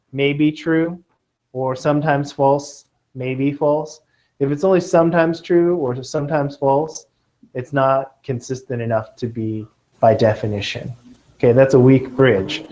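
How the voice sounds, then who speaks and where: A man from Kentucky teaching a class of students, lively and joking, often checking in with "okay?". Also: on the high side. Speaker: test prep teacher.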